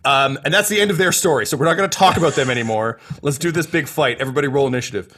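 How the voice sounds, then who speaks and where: A man narrating as game master of a tabletop game, rambling casually with many fillers and trailing off softly. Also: mid-range voice, racing.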